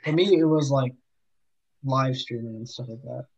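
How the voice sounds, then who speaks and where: A man's voice: medium pitch, normal speed, gravelly, darkish tone, husky, lo-fi sound. A teenage boy chatting casually on a student podcast, agreeable and asking the group questions. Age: teens. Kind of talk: casual chat.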